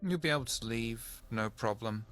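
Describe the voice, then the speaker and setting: A man running a tabletop role-playing game as game master, animated and self-mocking, swearing casually. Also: mid-range voice, normal speed, soft background music.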